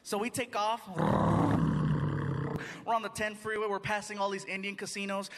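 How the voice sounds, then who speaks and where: High-voiced animated stand-up comedian. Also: male voice, moderate pace. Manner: animated, laughing at his own story. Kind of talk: stand-up storytelling. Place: stage before a live audience. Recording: noisy live show recording.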